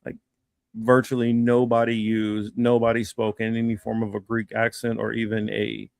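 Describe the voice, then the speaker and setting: A man co-hosting a livestream, talking casually in a rambling, halting way with lots of fillers. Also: fairly low pitch, monotone, creaky, a little mellow, no room sound, clean studio sound. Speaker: livestream co-host. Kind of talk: casual chat.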